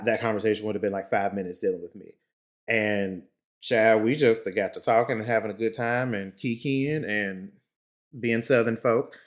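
A man of average pitch tells a story to his podcast listeners in a loose, chatty way. He laughs easily and calls them honey and child. His voice jumps up with excitement, then drops low and quiet when he gets reflective. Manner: swings from lively bursts to low, quiet reflection. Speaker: podcast host. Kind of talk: casual storytelling.

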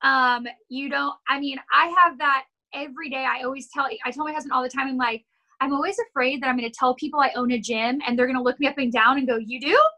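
A woman's voice: sits high, sharp tone, rough recording. A woman who owns a gym, talking candidly and encouragingly in a casual podcast chat. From California. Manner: candid, encouraging, tells stories with quoted voices. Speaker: gym owner and personal trainer.

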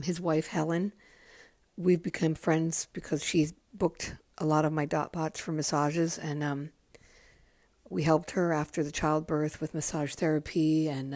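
Low-voiced, profane woman podcaster. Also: a little mellow, no room sound. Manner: candid and profane, rambling with frequent ums. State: tired, yawning. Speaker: podcast host. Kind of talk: casual solo podcast chat.

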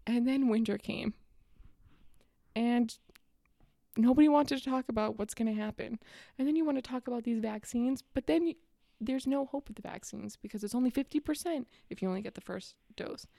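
A young woman rants with sarcastic exasperation, her voice fairly high yet mellow, with a gravelly fry running through it. The sound is close and dry, with no room around it. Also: moderate pace, no room sound. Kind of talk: casual ranting monologue.

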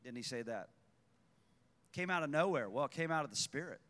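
A man's voice: mid-range voice, expressive, a little fast, fairly bright tone. A man preaching a fervent sermon to his church, repeating lines for emphasis and calling out people by name. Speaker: pastor. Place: church sanctuary. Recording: long hall reverb.

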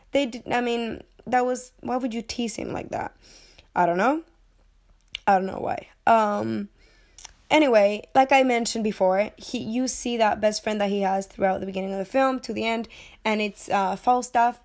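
Chatty young woman, sick and breathless. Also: on the high side. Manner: chatty, digressive, playful, swears casually. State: sick, short of breath, coughing. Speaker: movie reviewer. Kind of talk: casual film review chat.

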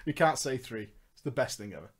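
A woman's voice: rumbling low, expressive, a little fast, slightly rough. A woman casually telling a funny story on a podcast, swearing often, laughing and mocking as she goes.

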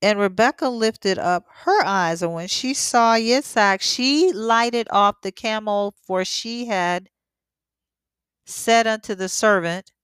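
A woman reading scripture aloud at a steady pace and breaking in now and then with emotional asides of her own. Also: medium pitch, takes it slowly, clear, resonant tone, no room sound. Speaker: scripture teacher.

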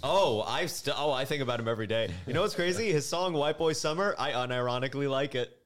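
A man co-hosting a podcast, chatting casually with quick, jokey asides. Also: medium pitch, expressive, fairly bright tone. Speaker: podcast co-host.

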